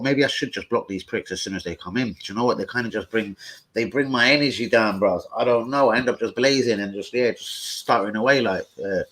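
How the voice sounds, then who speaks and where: A man's voice: on the low side, a bit bright. A young man hosts a live stream. He chats in a slangy, profane style and trades insults with trolls in the chat.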